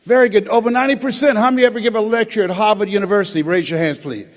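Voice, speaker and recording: An older man, a motivational speaker from the United States, addressing a live audience and calling on them to raise hands and repeat after him. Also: high voice. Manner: calls for audience responses, dramatic pauses. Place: large auditorium. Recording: hall reverb.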